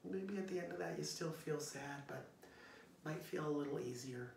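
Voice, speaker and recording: A man teaching young children in an online singalong, talking gently and encouragingly in a playful way. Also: a little high, moderate pace, creaky, slight background noise. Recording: roomy echo, distant from the mic, guitar.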